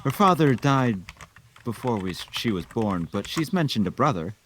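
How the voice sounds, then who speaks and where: A man's voice: mid-range voice, big pitch swings, moderate pace, fairly bright tone, slight background noise. A man reading the part of a prim, gossipy older woman clerk in a table read.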